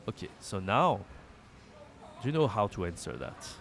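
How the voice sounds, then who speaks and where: Male French teacher with a French accent, slightly low pitch, patient self-correcting lesson delivery. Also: very animated, vocal fry, a little hiss or hum. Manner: thinks aloud with hums and self-corrections; repeats phrases slowly for learners. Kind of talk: language lesson.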